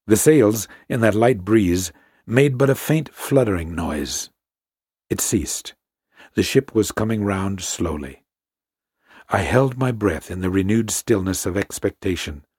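A man narrating a story in the first person, measured and tense. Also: on the low side, a little mellow, slightly rough, no room sound, clean studio sound. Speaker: audiobook narrator.

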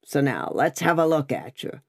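A woman voicing a gruff, suspicious male coach guard who barks threats and challenges, in an audiobook. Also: deep voice, big pitch swings, moderate pace, a little mellow, exaggerated voice. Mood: threatening. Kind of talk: audiobook character voice.

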